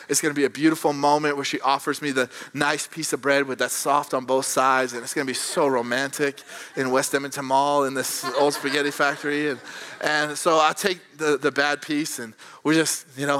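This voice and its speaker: A young adult man, a pastor telling a funny personal story and preaching with animated, self-mocking energy. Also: a little high.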